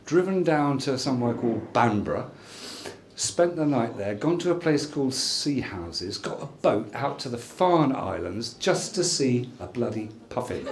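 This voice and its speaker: A man in his sixties giving a jokey wedding speech as the groom, telling stories with lively timing. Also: mid-range voice, heavy background noise. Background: laughing wedding crowd.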